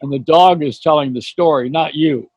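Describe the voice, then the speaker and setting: Older male host, husky voice, dry close sound, joking. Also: on the high side, darkish tone, dry recording. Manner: jokey, quick quips. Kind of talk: casual chat.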